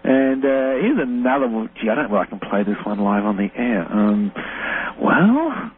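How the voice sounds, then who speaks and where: A man's voice: mid-range voice, very animated, normal speed. A male guest on a radio interview who chuckles often while explaining and cueing up clips. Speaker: guest researcher. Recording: tinny phone line with faint hiss.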